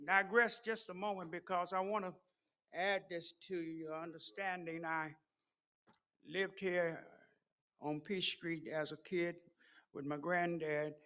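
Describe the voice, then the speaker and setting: A middle-aged man giving a sermon in a preaching cadence, moving from hushed storytelling to shouted peaks. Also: a little high, gravelly. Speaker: pastor.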